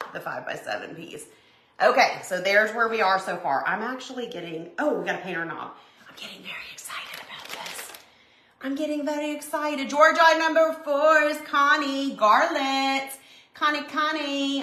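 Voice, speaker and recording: A woman hosts a casual live craft stream from her home craft room. She talks in a bright, gushing, chatty way and answers viewers as she paints. Her voice carries a roomy echo. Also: medium pitch. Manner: chatty and gushing, reads viewer comments aloud.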